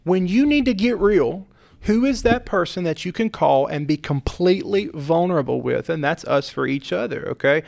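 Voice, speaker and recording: Gravelly earnest pastor man. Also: high-pitched, lively intonation, moderate pace, darkish tone. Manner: earnest, preacherly, emphatic repetition. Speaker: pastor and podcast host. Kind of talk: heartfelt podcast conversation.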